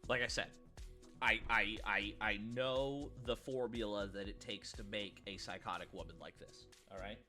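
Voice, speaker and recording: A man's voice: on the low side, fairly even intonation, normal speed, sharp tone, faint music behind. A man ranting in a reaction commentary, stumbling and repeating words as he goes. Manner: stammering, repeats words, rants.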